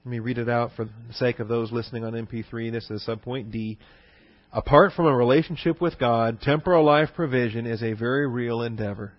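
A pastor delivers a teaching sermon conversationally, using rhetorical questions, fillers and restarts. His mid-range voice is steady and brisk, and the recording sounds dry and dull.

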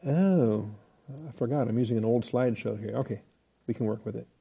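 A man's voice: mid-range voice, a little fast, gravelly, warm tone, breathy edge, dull audio. A man teaching a Bible study lecture in a conversational way, asking the class questions and restarting his sentences.

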